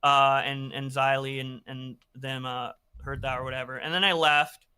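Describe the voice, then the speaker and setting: A male caller with a very bright, sharp voice tells his side of things. He rambles with lots of fillers and restarts, sounding defensive. His voice stays crisp and smooth. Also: mid-range voice, level tone, normal speed. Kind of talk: call-in conversation.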